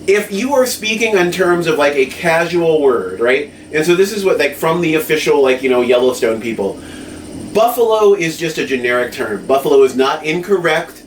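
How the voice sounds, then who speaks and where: A man's voice: fairly high pitch, big pitch swings, normal speed. A man co-hosting a podcast in casual chat, rambling with lots of fillers and tag questions. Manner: rambling, full of fillers and "right?". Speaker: podcast co-host. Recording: echoey room, mic at a distance, faint noise.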